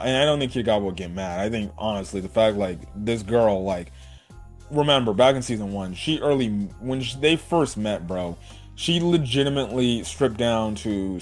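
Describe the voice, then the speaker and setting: A man casually recapping an anime episode in a rambling way, full of fillers and quick acted-out quotes. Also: lowish voice. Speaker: anime reviewer. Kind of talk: casual spoken episode review.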